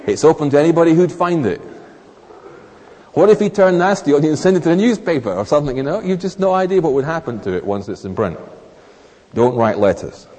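A man preaching a sermon in a church hall, animated, acting out little scenes in raised voices. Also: a little high, fairly quick. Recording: long reverb of a large hall.

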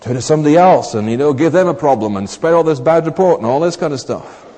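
A man preaching a sermon in a church hall, animated, acting out little scenes in raised voices. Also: fairly high pitch, fast. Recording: long reverb of a large hall.

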